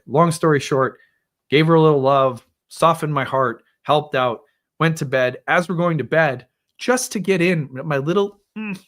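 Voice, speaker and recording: A man in his thirties hosting an astrology show, telling a personal story in a candid, self-deprecating way and laughing often. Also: on the high side. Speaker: astrology host.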